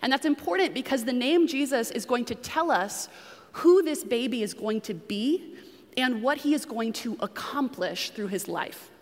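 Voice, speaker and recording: A woman's voice: on the high side, expressive, moderate pace. A woman from New England giving a conversational teaching sermon and putting questions to the congregation. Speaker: preacher. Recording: long reverb of a large room.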